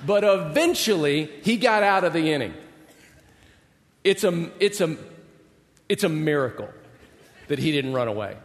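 A man's voice: a little high, animated, unhurried, long pauses. A middle-aged man, a pastor, telling a funny self-deprecating story in a sermon with comic exaggeration. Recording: long hall reverb.

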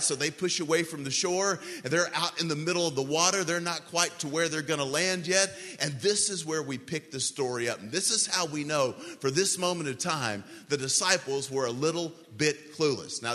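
A man preaching a sermon as pastor, telling the story with animated voices for panicked disciples. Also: a little high. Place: church sanctuary. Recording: long reverb of a large hall.

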